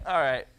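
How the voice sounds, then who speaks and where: A man leading a Bible study for a group, reading verses and explaining them in a relaxed, joking way, talking straight to his listeners. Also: fairly high pitch. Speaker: youth Bible study leader. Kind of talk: casual Bible teaching talk.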